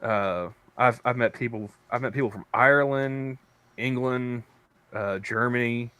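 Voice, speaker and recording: A man's voice: medium pitch, unhurried, pushed and bright, clean tone, no room sound. A man co-hosting a casual podcast chat, rambling through stories with many restarts. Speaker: podcast co-host; convenience store worker.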